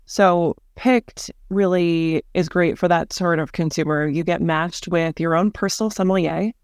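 Woman, podcast guest, business director; smooth voice, upbeat explainer, dry close recording. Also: on the low side, steady tone, measured pace, darkish tone, no room sound.

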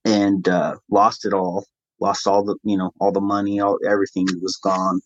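A man as an interview guest, telling his own story earnestly in a conversational way and getting animated when he quotes others. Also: low voice, normal speed, dull audio.

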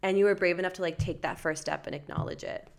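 A woman's voice: on the low side, steady tone, fast talker, gravelly. A young woman co-hosting a podcast, chatting casually in an affectionate, emotional way and saying "like" often. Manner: warm, affectionate, emotional, peppered with "like". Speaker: podcast co-host.

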